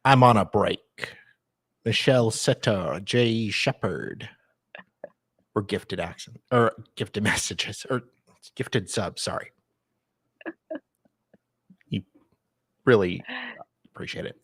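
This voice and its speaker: A man's voice: lowish voice, takes it slowly, pauses often, fairly bright tone, breathy edge, no room sound. A man hosting a live stream reaction, laid-back, reading out and thanking viewers. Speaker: streamer host.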